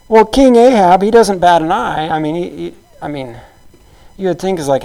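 A man's voice: sits high, normal speed, creaky, dark tone, low-quality recording. A man preaching a sermon in a conversational, storytelling way, acting out the quotes of the people in the story.

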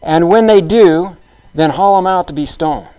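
A man's voice: high-pitched, normal speed, dark tone, clean tone, natural voice, low-quality recording. A man voicing a domineering queen who scoffs and gives orders, as a retelling inside a sermon. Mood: scornful, bossy. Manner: bossy, scoffing. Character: scornful domineering queen, woman.

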